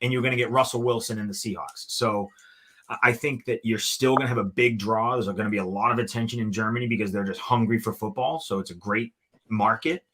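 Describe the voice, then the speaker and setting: A man's voice: fairly low pitch, fast, fairly bright tone. A man explaining football topics on a casual podcast. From United States. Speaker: podcast analyst. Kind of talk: casual sports talk.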